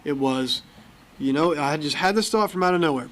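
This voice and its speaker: A man's voice: on the high side, a little fast, fairly bright tone. An American man speaking at a recovery meeting, telling his story candidly and acting out the voices of people in it. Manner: candid storytelling, acts out quoted dialogue. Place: meeting hall.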